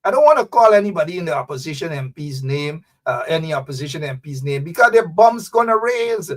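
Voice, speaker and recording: A man's voice: on the high side, expressive, brisk, far from the mic. A man hosting fiery, mocking political commentary, talking straight to his audience. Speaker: host.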